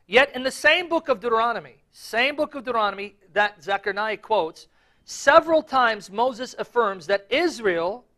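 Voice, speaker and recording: Bright high-voiced man, earnest and emphatic. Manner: earnest, emphatic, frequent throat-clearing. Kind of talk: religious debate commentary.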